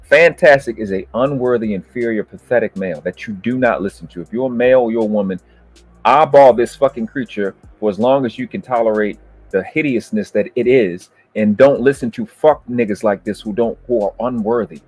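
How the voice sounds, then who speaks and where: A man hosting a debate review, ranting in heated, profane commentary that berates and swings up into shouting. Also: on the low side, brisk, slightly rough, no room sound, soft background music.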